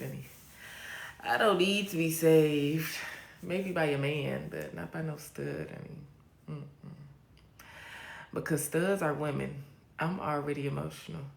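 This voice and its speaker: A young woman live streamer chats slowly and bluntly, all sass and swearing. Her voice carries a gravelly fry, and the room around her rings with echo. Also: deep voice. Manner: blunt, profane and sassy, drawn-out repeats. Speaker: livestream host. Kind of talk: casual live-stream chat, reading viewer comments. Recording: roomy echo.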